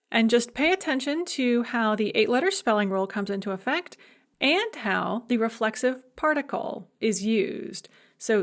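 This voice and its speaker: A woman teaching a recorded language lecture, explaining verb conjugation clearly and slowing down to model each form aloud. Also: on the high side. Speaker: Russian language instructor.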